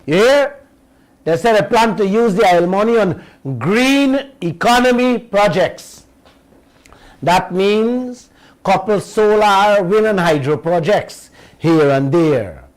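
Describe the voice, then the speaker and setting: Slow, emphatic Guyanese radio host. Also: male voice, sits high, lively intonation, low-quality recording. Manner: folksy, emphatic, addresses listeners as uncle and auntie. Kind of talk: talk radio commentary.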